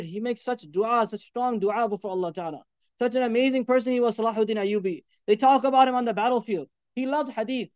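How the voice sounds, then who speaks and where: Fast, high-voiced man preaching emphatically. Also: darkish tone, clear, resonant tone, no echo, highs cut off. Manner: emphatic, repetitive exhortation. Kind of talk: sermon.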